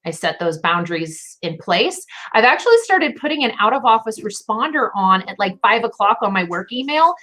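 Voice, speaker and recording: A woman's voice: a little high, very animated, normal speed, hardly any pauses, sharp tone. Earnest woman guest with many fillers. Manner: earnest, reflective, filler-heavy. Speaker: guest, entrepreneur. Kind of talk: casual interview chat.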